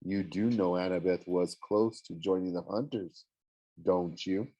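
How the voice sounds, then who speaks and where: A man's voice: low voice, steady tone, measured pace, warm tone, lo-fi sound, pitched below the performer's own voice. A man doing Aphrodite, a gushing love goddess. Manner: gushing, theatrical, sing-song. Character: swooning, dramatic goddess of love, woman. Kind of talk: audiobook character voice.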